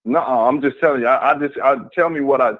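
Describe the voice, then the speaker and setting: A man's voice: medium pitch, quick pace, no echo, phone-quality sound. A man with a mid-range voice makes blunt, emphatic points in a casual discussion. His voice comes through dry and thin, like over a phone. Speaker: discussion participant.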